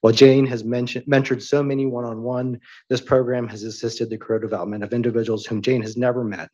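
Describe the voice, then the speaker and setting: A man's voice: medium pitch, flat delivery, quick pace, a little mellow, dull audio. A man hosting an academic awards presentation, speaking with frequent ums and restarts. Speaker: event host announcing awards.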